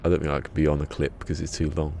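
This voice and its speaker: A man's voice: extremely low pitch, little pitch movement, rapid-fire, creaky, a little mellow, a little hiss or hum. A man streaming a game, rambling and muttering to himself in a casual chat. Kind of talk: casual gameplay livestream chat. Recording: game music in the background.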